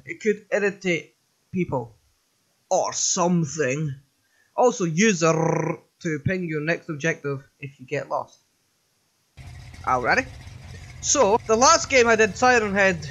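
A man's voice: sits high, a bit bright. A man hosting a let's play, chatting and joking as he goes. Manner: chatty, jokey, rambling. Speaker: gaming channel host.

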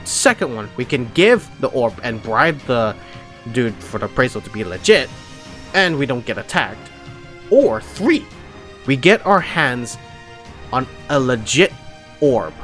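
A young man giving excitable gameplay commentary, laughing, shouting and trash talking enemies over game music. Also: mid-range voice, a little slow, pauses often. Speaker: gameplay streamer.

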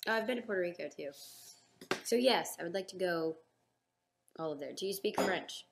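A woman's voice: lowish voice, lively intonation, moderate pace, creaky, background noise. Chatty young woman answering fan questions. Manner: chatty and upbeat, reads each question then answers. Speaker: host of a live fan chat. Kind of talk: casual live Q&A, reading fan questions aloud.

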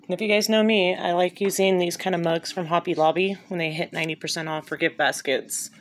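A woman's voice: fairly low pitch, fairly even intonation, fairly quick, slight background noise. A woman chatting casually through a shopping haul and reading off prices, filmed on a handheld phone at home. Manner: chatty, upbeat, reads off prices. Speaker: vlogger showing a shopping haul. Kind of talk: casual haul video chat.

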